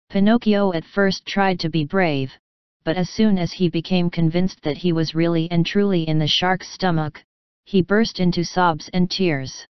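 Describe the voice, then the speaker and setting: A woman reads a bedtime storybook in a gentle voice and speaks to the children now and then. Her voice is low and very clear. The recording is dry and slightly muffled. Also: steady tone, normal speed, no echo. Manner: gentle, addresses the children directly. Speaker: audiobook narrator. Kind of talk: scripted storybook narration.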